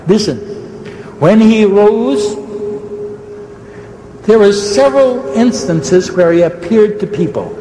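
Man, fervent sermon, high voice, leaps higher on key words, long hall echo. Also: expressive, dark tone, slight background noise. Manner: fervent, swoops high for emphasis; fast-talking, restarts mid-sentence. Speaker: preacher in a debate.

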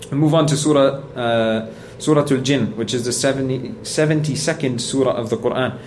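A man's voice: medium pitch, moderate pace, darkish tone, a little hiss or hum. A man giving a sermon in a conversational, earnest way, telling stories with acted quotes and repeating points for emphasis. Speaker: preacher.

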